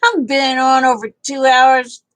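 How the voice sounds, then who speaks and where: An older woman hosts a livestream, sleepy and yawning, chatting casually in a drawl and reading viewers' comments aloud as she answers them. Her voice is high-pitched and bright with little pitch movement, a little slow, on a low-quality recording.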